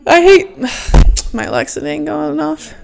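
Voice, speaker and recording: Woman podcast host, fairly high voice, blunt and emphatic, casual filler-laden self-help talk. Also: expressive, unhurried, vocal fry, a little hiss or hum. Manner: emphatic, frank, filler-heavy with frequent "like".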